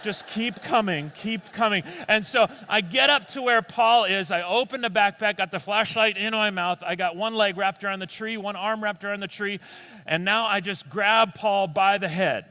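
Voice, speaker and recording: A man doing stand-up, telling a comic story in an animated way with quick restarts. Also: sits high. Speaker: stand-up comedian.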